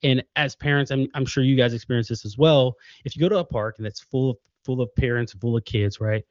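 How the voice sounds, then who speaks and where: A man's voice: medium pitch, fairly quick, no room sound. A man in his thirties, a father and podcast guest, telling stories in casual conversation and acting out the people he quotes. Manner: animated storytelling, acts out quoted voices. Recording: muffled lo-fi call audio.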